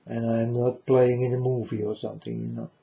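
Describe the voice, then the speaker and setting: A man's voice: mid-range voice, flat delivery, fairly quick, gravelly, mellow, muffled recording. A man giving a preachy monologue in broken, non-native English, emphatic and repetitive, often asking if the listener understands. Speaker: speaker addressing viewers.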